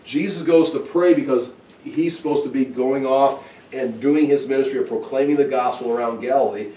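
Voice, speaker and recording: A man's voice: mid-range voice, normal speed, mellow. A man giving an informal, conversational Bible teaching, walking listeners through the verses. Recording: roomy echo, mic at a distance.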